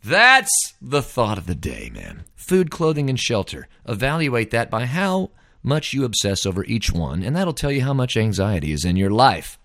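Rambling folksy podcast host. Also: male voice, medium pitch, huge pitch swings, normal speed, fairly bright tone, a little hiss or hum. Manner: rambling, folksy, says "man" a lot. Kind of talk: casual monologue.

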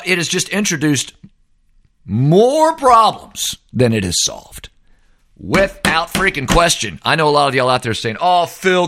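A man's voice: medium pitch, fairly bright tone. A middle-aged man, hosting a ranting, emphatic sports commentary monologue. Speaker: host.

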